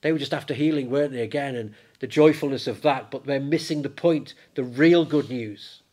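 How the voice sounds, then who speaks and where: A man preaching a sermon in church, lively and conversational, raising his voice when he acts out the disciples. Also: mid-range voice, brisk. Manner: animated, acts out the disciples in a raised voice.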